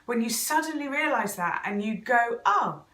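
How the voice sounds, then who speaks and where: A woman's voice: a little high, expressive, moderate pace, fairly bright tone, echoey room, recorded from a distance. A woman talking straight to camera as an intuitive coach, chatty and earnest, with little laughs and fillers. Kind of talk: casual direct-to-camera talk.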